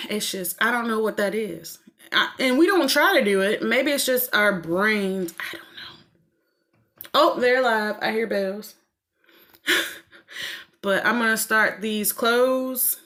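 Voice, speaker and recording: A woman's voice: fairly high pitch, a bit bright. A woman with a Southern US accent chatting casually and rambling as a vlogger while doing laundry at home. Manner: rambling, chatty, laughs often. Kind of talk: casual chat.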